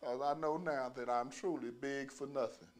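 A man's voice: mid-range voice, normal speed. A middle-aged man telling a profane prison story as stand-up, acting out the people he quotes. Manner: profane, animated, acts out quoted voices. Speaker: stand-up comedian.

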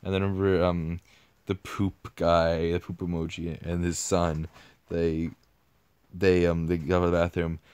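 A man hosting a parody reaction video, rambling with halting restarts and lots of ums, in a deadpan, clueless tone. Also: low voice, clear, resonant tone, dry recording.

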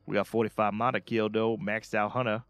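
A man's voice: fairly low pitch, level tone, brisk, fairly bright tone, smooth, no echo. Drawling, folksy man on a dry mic. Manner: drawling, folksy, exclaims "Oh, Lord". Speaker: streamer playing as a Louisiana bayou character. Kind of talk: casual gaming stream banter with put-on Cajun drawl.

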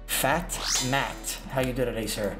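A man's voice: medium pitch, unhurried, roomy sound, music in the background. A man streaming a game live, boisterous and laughing, trash-talking and greeting his chat.

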